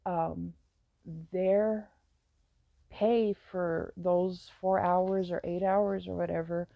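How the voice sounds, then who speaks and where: Drawing out her words in a lowish, steady, creaky voice, a woman in her thirties wanders candidly through her own story, filling it with fillers. It's a dry recording that sounds dull and lo-fi.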